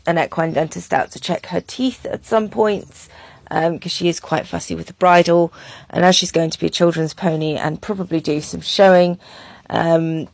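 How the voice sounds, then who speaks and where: Brief: woman, horse trainer, gravelly low voice, dry close sound. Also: no echo. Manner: relaxed and chatty, with many ums. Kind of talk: casual voice-over commentary on training footage.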